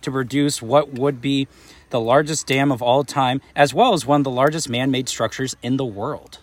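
A man's voice: mid-range voice, steady tone, moderate pace. A man presenting a short history segment in a plain, matter-of-fact way. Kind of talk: reading a history note.

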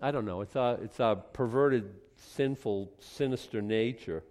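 A man's voice: lowish voice, a little slow, a little mellow. A male pastor with a Boston accent, preaching a conversational sermon full of rhetorical questions and self-corrections.

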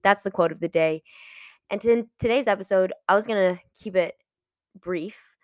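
A woman's voice: medium pitch, moderate pace, no room sound. Giggly 21-year-old woman, dry sound. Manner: chatty, giggly, reflective. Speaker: podcast host. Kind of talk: casual solo podcast talk.

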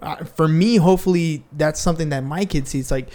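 A father hosting a podcast, musing thoughtfully about parenting and regret in a relaxed conversation. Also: a little high, a little fast. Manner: reflective, musing, with many restarts. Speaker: podcast host. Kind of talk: casual chat.

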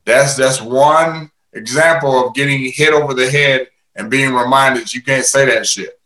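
Animated man with stammering restarts, echoey room. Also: medium pitch, a little slow. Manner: animated, repeats words when starting sentences, laughs often. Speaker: podcast guest, former fighter. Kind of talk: casual podcast chat.

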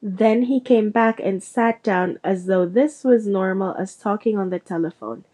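A woman narrating a storybook aloud in a steady, measured way. Her voice is mellow and dark, at an ordinary pitch. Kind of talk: audiobook reading.

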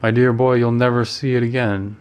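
A man's voice: mid-range voice, little pitch movement, brisk, darkish tone, clean tone, close to an everyday voice. A man reading the part of a witty, worldly male painter who teases his friend and slips in French phrases. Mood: amused. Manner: breezy, teasing, lightly sprinkles French phrases.

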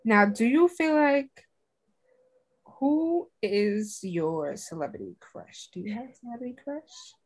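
Husky playful woman podcast co-host. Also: a little high, animated. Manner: loud, playful, slangy, quick to exclaim. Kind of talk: casual chat.

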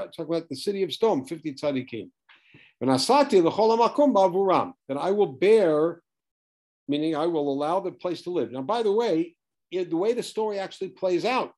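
A man teaching a Bible study class, asking pointed questions and stressing key words in an animated, emphatic way. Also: a little high. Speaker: Torah teacher.

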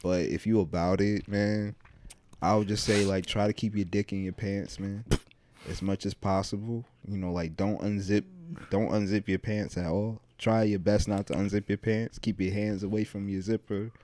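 A relaxed man co-hosting a casual podcast, easing through slangy advice and repeating himself as he goes. His voice sits fairly low. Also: normal speed, a little hiss or hum. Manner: laid-back, gives rambling slangy advice. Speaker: podcast co-host.

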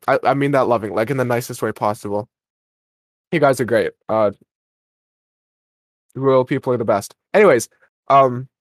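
Young guy on a podcast, rambles and cuts himself off a lot, kinda high voice, really dry mic. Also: no echo. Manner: rambling, self-interrupting, goes off on tangents. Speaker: podcast co-host. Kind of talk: casual chat recapping a radio drama episode.

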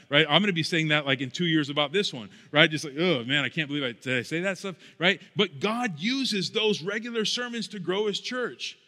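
A man's voice: high voice, bright, forceful tone. A young adult man preaching a sermon as a pastor, in a conversational, self-deprecating storytelling manner, in a church sanctuary. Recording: long hall reverb.

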